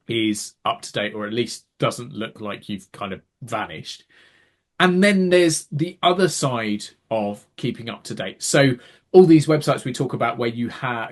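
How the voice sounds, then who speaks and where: A mid-range-voiced man who works as an actor co-hosts a podcast, explaining things at length in casual conversation. He frequently restarts words and acts out quoted reactions.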